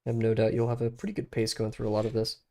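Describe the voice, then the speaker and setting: While streaming his drawing practice, a young man with a lowish voice talks very fast. He rambles in a laid-back way, addressing himself and his viewers alike, with lots of filler words.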